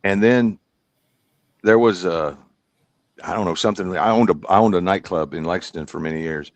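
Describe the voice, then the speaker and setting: A man's voice: deep voice, moderate pace, no echo. A man in his fifties from Kentucky, telling stories casually as a podcast guest, chatty and rambling. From Kentucky, USA. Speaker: podcast guest, comedian and hypnotist. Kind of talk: casual storytelling interview.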